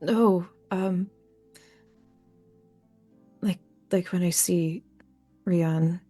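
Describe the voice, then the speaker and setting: A woman playing a tabletop role-playing game, softly and hesitantly narrating what her character does, with many fillers. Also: lowish voice, fairly even intonation, drawn-out words, soft background music. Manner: soft, hesitant, full of fillers. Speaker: player in a tabletop role-play.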